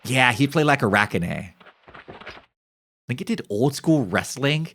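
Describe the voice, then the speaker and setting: A man's voice: medium pitch, expressive, slow pace, a bit bright, a little hiss or hum. A young man streaming, chatting casually in rambling, profane, joking banter. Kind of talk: casual chat on a live stream.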